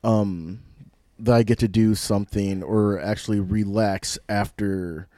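A man's voice: lowish voice, steady tone, unhurried, dark tone, no echo. A man hosting a radio show from a studio mic, chatting loosely and rambling through half-finished sentences. He laughs easily and sounds a bit loopy. The sound is close and dry, with no room around it. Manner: self-described mildly loopy. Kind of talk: casual radio chat. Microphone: studio microphone.

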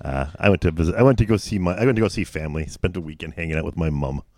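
A man's voice: low voice, racing, darkish tone, no room sound. A man co-hosting a radio show, throwing in dry, sarcastic teasing in casual chat. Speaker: radio co-host. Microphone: studio microphone.

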